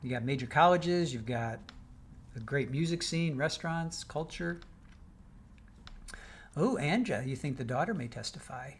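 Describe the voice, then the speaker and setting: A man's voice: a little high, lively intonation, unhurried, long pauses, slightly rough. Chatty older man hosting a livestream. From American Midwest. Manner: chatty and rambling, with restarts. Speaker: livestream host reading viewer comments. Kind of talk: casual chat while waiting for a trial.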